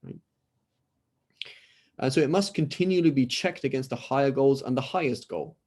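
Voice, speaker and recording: A man's voice: mid-range voice, moderate pace, warm tone, breathy edge. A man with a British accent teaching a class over a video call, chatty, often asking "right?" and acting out short exchanges. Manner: conversational, keeps asking "right?" and acts out little dialogues. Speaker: Islamic scholar teaching a class. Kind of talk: lecture.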